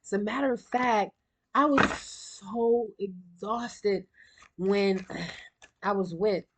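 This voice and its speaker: A woman talks her viewers through a casual spiritual card reading in a loose, chatty way that often wanders off course. She sounds slightly out of breath, and her voice sits in a middle pitch. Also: steady tone, background noise. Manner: chatty, rambling, quick bursts of laughter. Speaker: tarot card reader.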